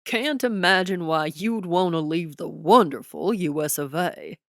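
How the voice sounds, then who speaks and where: Woman doing a booming Texan president. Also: animated, unhurried, no room sound, clean studio sound. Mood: folksy. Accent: Texas twang, put on. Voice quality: booming, a little raspy. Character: booming older American male president, folksy.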